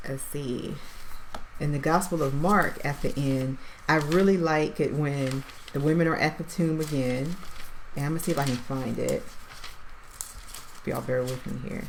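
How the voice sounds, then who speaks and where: A woman walks through scripture on a casual livestream. She talks in a loose, conversational way, thinking aloud and checking in with "right?" as she goes. A faint hiss sits under her voice. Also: sits low. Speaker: Bible study teacher. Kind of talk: casual Bible study livestream.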